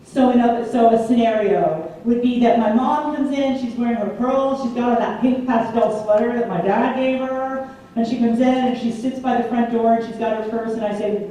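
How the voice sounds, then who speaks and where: A woman giving a public lecture, telling lively stories and acting out the voices she quotes. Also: fairly high pitch, moderate pace. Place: large community hall. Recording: echoey hall from far off, faint hum.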